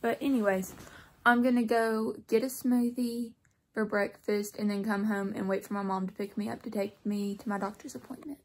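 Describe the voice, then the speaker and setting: A woman's voice: medium pitch, steady tone, moderate pace, a little hiss or hum. A sleep-deprived teenage woman, vlogging casually at home in a chatty, rambling way with apologetic asides. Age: teens. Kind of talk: casual vlog talk to camera.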